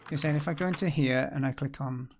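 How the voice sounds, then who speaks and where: A gravelly-voiced man hosts a casual live stream, talking his way through each step as he goes. He thinks aloud and jokes at himself. A faint background hiss sits under his voice. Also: medium pitch, quick pace. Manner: chatty, thinks aloud, self-deprecating. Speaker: livestream host learning game development. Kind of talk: casual live-stream chat while working.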